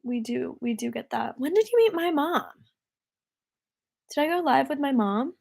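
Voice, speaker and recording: A woman's voice: high-pitched, lively intonation, moderate pace, vocal fry, a little mellow. A young woman singer-songwriter chatting casually on a livestream, rambling and easily distracted, laughing often.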